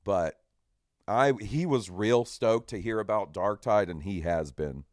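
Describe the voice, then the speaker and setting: A man's voice: lowish voice, unhurried, no room sound, clean studio sound. A man hosting a casual gaming podcast, joking around and swearing freely. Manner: profane, joking, animated. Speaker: podcast host.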